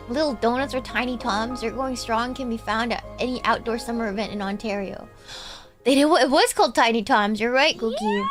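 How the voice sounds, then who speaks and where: A woman streamer chatting casually and reading out viewer donations, often calling her viewers "Cookie" and letting phrase endings drop softly. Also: on the high side, expressive, moderate pace. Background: faint background music.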